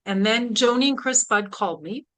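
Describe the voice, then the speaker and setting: An older woman from Canada, a podcast guest, telling a personal story with animated voices for her past thoughts. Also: a little high, normal speed, rough recording.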